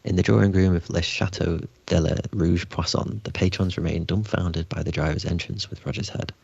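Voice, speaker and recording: Give me a deep, raspy man narrating a script, on dull, dry audio. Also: fairly even intonation, brisk, darkish tone, no echo. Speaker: writer reading stage directions. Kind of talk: script table read narration.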